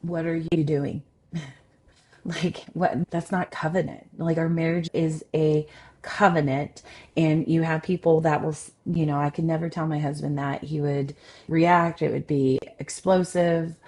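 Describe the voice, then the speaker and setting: A woman relationship coach and podcast host, telling personal stories in a loud, expressive, candid conversational way. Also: low voice.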